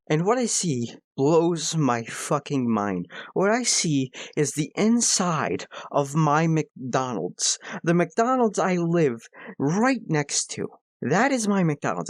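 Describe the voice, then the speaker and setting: A young man telling a casual storytime vlog with lots of swearing and excitable outbursts. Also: mid-range voice, no room sound, clean studio sound. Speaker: vlogger.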